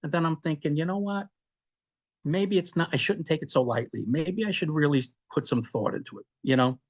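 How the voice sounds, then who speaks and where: A middle-aged man, an interview guest, telling a personal story in casual conversation, animated and quick to laugh, often restarting and repeating words. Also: a little high.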